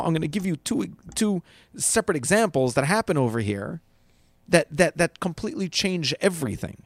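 A man's voice: a little high, gravelly, no room sound, studio quality. A man who teaches as a rabbi, giving casual spoken advice and acting out the people in his stories with frequent restarts. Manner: animated storyteller acting out quotes, many restarts.

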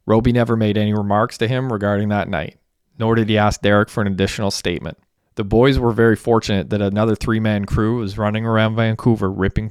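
An audiobook narrator with a low, smooth male voice reads scripted narration. The studio sound is clean, with no echo.

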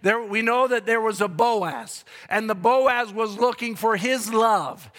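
A man preaching a sermon, building to shouted peaks and dropping to slow, hushed reading, with emphatic repetition. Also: sits high.

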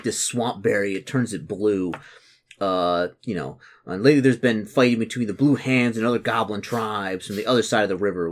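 A young man narrating as game master, rambling with many fillers and restarts. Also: on the low side.

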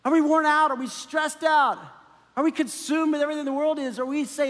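A man's voice: extremely high pitch, brisk, a bit bright, in a large hall. A male pastor preaching a sermon in a conversational way, often checking in with the listeners by asking "right?".

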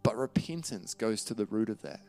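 Man, pastor, earnest conversational sermon, smooth resonant voice, faint music underneath. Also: on the low side, animated, moderate pace, mellow. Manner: earnest, conversational preaching with restarts.

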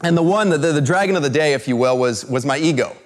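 A man from California telling a personal story to an audience, animated, with many fillers and restarts. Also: on the high side, quick pace. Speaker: speaker.

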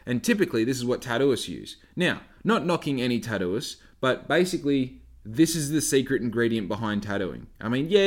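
A young man in casual chat, rambling and swearing often, at times flaring into loud rants. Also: medium pitch. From Australia. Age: young adult. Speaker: vlogger.

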